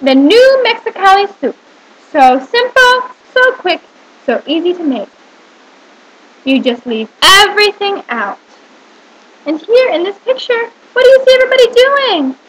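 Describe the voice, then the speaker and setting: A woman teacher reading a picture book aloud to young children, with animated storytelling and questions to the listener. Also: very high voice, a little slow, background noise.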